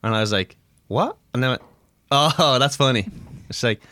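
Guy on a podcast, bright voice, dry close sound, jokey and laughing a lot. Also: medium pitch, moderate pace, no room sound. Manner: laughing, joking, swearing. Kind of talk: casual chat.

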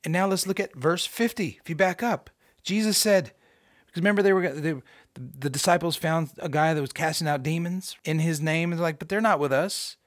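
Animated man teaching scripture, fairly high voice. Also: brisk, no room sound, clean studio sound. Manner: animated, emphatic, self-deprecating. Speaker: podcast host. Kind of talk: casual Bible study teaching.

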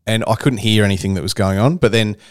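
A young Australian man tells a story in a relaxed, chatty way, acting out the people in it as he goes. His voice sits on the low side. The sound is dry and close, with no room around it. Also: fast talker, clear, resonant tone, dry recording. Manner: animated storyteller who acts out other people's voices. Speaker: podcast co-host. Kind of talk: casual storytelling chat.

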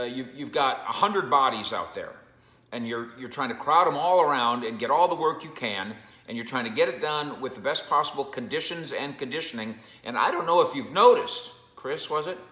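A man's voice: mid-range voice, pushed and bright, roomy sound. A man giving casual sports commentary as a reporter, conversational and joking with frequent asides.

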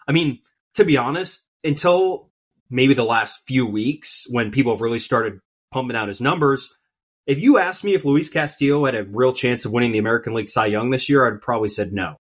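A man's voice: medium pitch, fairly quick. Male co-host, mid-range voice, earnest and a bit rambling in casual chat. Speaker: podcast co-host.

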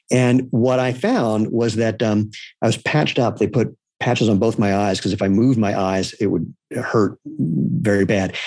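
A man with a fairly low voice speaks as a podcast guest. He is blunt and irreverent and tells stories in a relaxed, conversational way. The sound is dry and close to the mic. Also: husky, no echo. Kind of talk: casual conversation.

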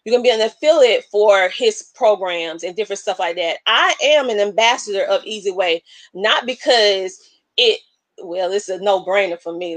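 A woman hosting a live online show, talking in an animated, emotional, preacherly way. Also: mid-range voice, no room sound. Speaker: show host.

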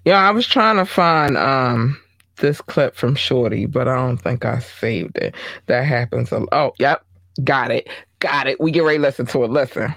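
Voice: medium pitch, animated, normal speed, gravelly, fairly bright tone, dry recording. Gossip podcast host: chatty, slangy, rambling, recorded in a dead-dry room. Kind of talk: casual celebrity gossip commentary.

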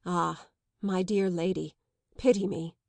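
A woman reading as an eager, anxious young gentleman. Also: fairly low pitch, fairly even intonation, slow pace, creaky, dry recording. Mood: pleading. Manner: pleading, defiant, slightly raised voice. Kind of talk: audiobook character reading.

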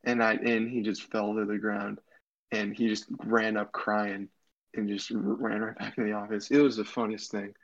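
A man's voice: lowish voice, flat delivery, normal speed, gravelly, muffled recording. A teenage boy, a guest on a casual podcast, telling a story in a rambling way with lots of fillers, restarts and laughs. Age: teens. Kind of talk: casual chat.

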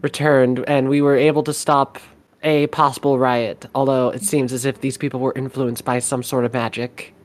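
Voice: medium pitch, level tone, moderate pace, natural voice. A player voicing an earnest, formal adventurer who gives a reassuring report in a tabletop game.

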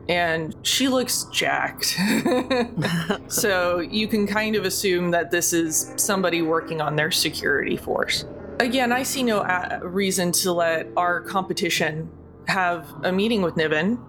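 Woman narrating a tabletop game, lower voice. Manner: descriptive, relaxed, chatty. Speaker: game master.

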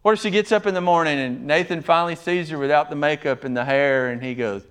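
Male pastor, sermon delivery, slightly high pitch, animated, acts out voices. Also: fast talker, hardly any pauses, clear, resonant tone.

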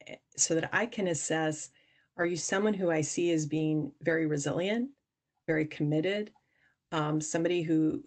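A woman guest on a podcast, explaining earnestly how investors judge founders, often restarting her sentences. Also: deep voice. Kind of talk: podcast interview answers.

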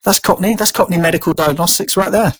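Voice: mid-range voice, quick pace, slightly rough, no room sound, studio quality. A host chatting casually and playfully teasing the guest. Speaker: podcast host. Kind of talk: casual comedic chat.

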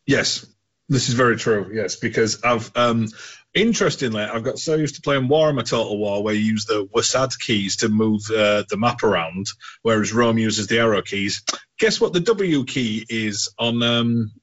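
A man's voice: on the low side, moderate pace, a bit bright. A man chatting casually as a podcast co-host, rambling, swearing and laughing a lot. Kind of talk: casual chat. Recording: dull lo-fi sound.

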